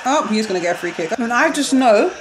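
A young woman reacting live to a football match, excitable and quick to shriek and laugh. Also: fairly high pitch. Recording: loud crowd noise behind. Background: crowd noise from the match broadcast.

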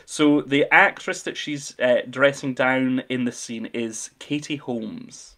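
A man's voice: mid-range voice, fairly even intonation, slow, a bit bright. A man hosting a film podcast, playful and enthusiastic as he quizzes his co-host. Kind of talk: casual chat.

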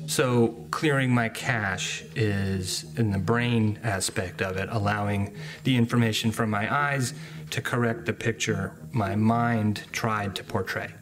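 A man's voice: fairly low pitch, steady tone, a little slow. A man hosting a podcast, telling a scripted story in a wry, self-mocking way. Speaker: podcast host.

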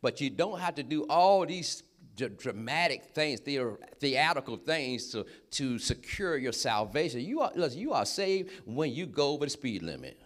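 Lively preaching man, animated pitch. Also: moderate pace. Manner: lively preaching with asides, laughter and repeated affirmations. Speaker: pastor. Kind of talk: sermon.

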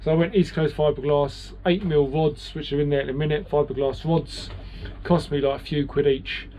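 A man's voice: a little high, steady tone, normal speed, warm tone, slight background noise, rough recording. A man with a British accent vlogging from his boat about repairs, rambling and self-mocking as he chats to his viewers. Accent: British English. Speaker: sailing vlogger. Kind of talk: casual vlog to camera.

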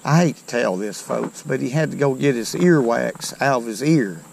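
A man's voice: medium pitch, expressive, normal speed, creaky, darkish tone, slight background noise. A man hosting a fishing video outdoors by a creek, talking to viewers in a folksy, exclaiming way. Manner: folksy, exclaiming over each catch. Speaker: fishing channel host. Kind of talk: casual outdoor narration to viewers.

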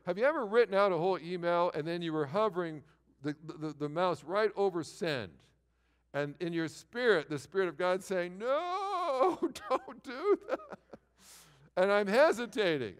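A man's voice: mid-range voice, smooth. Man preaching in a reverberant hall. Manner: animated storytelling with repeated false starts. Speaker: pastor. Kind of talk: sermon. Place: large church sanctuary.

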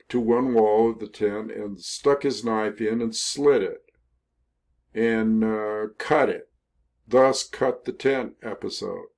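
An older man telling a history story in a casual, rambling way, with many pauses, fillers and self-corrections. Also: lowish voice, vocal fry. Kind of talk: casual spoken history narration over photos.

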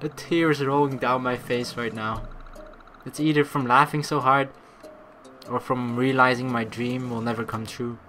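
A let's play gamer giving excitable gameplay commentary, swearing freely and laughing often, with game music playing behind. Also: mid-range voice, moderate pace.

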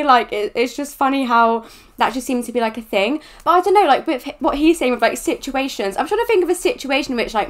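A woman's voice: on the high side, fairly bright tone. A young woman from southwest England with a West Country accent, rambling chattily as a reaction video host. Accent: West Country English. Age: young adult. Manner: rambling, filler-heavy, chatty. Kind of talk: casual reaction chat.

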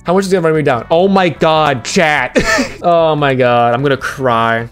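A young man giving casual, jokey commentary while opening game cases, excitable and swearing, his voice jumping up when he gets hyped. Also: on the high side, normal speed, faint music behind. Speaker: gaming streamer.

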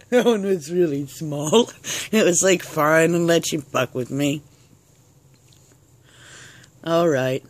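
A woman's voice: deep voice, takes it slowly, pauses often, no echo. A woman filming her cat at home, talking to it in a playful, doting way. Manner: playful, baby talk to a pet. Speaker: cat owner.

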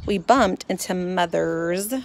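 A woman narrating a children's storybook in first person, expressive and lively. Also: fairly low pitch, slow.

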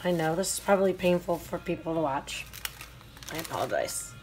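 A woman's voice: low-pitched, expressive, a little fast, a little mellow, a little hiss or hum. A woman vlogger unboxing a craft mail swap, gushing with constant delighted exclamations and talking straight to the sender. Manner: talks to the sender directly.

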